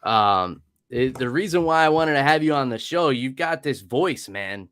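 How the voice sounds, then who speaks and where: A man hosting a podcast in an easygoing, relaxed conversational way. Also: mid-range voice, moderate pace. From Northeast US. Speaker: podcast host. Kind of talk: casual chat.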